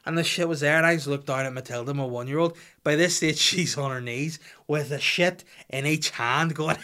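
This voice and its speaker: A man's voice: fairly high pitch, fairly quick, few pauses. A man in his thirties telling a stand-up story, swearing freely and wandering into asides. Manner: profane, rambling asides, animated. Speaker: stand-up comedian.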